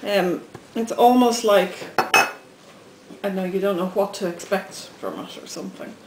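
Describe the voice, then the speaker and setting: A woman's voice: medium pitch, normal speed, reverberant, very noisy. A woman with a Dublin Irish accent hosting a soap-making video, chatting casually and teasing as she cuts soap. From Ireland. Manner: chatty, teasing, self-mocking. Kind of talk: casual chat while cutting soap.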